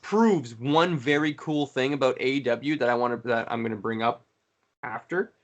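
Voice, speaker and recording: A man co-hosting a casual podcast chat, retelling moments with excitement and energy. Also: mid-range voice, normal speed, highs cut off. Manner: excited storytelling, acts out quotes. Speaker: podcast co-host.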